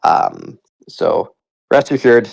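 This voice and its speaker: A man from Canada hosts a laid-back online town hall, his voice low and gravelly with a touch of fry. He rambles a bit, cracks jokes and keeps things friendly and loose, speaking into a home computer mic. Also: slow pace. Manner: relaxed, rambling, jokey. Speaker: host of a community town hall. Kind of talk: casual live audio chat.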